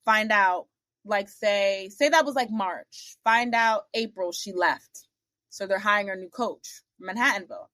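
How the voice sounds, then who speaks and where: Woman podcast guest, animated storyteller who does the voices of people in her anecdotes, blunt, mid-pitched, dry close sound. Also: a little slow, no echo. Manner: animated, acts out the other people in her stories; blunt, salty asides. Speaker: interview guest. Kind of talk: casual storytelling interview.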